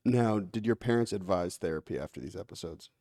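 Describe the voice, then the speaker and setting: A man's voice: deep voice, brisk, warm tone. A man hosting a podcast, teasing and joking with his guest as he asks questions. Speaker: podcast host. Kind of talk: casual podcast chat. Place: podcast studio room.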